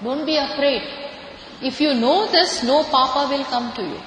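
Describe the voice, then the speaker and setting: Indian woman teacher, fairly high voice, lecture recorded in an echoey hall with faint room noise. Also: moderate pace, fairly bright tone. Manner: explanatory, repeats key words, light laughs. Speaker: spiritual teacher. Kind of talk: scripture lecture.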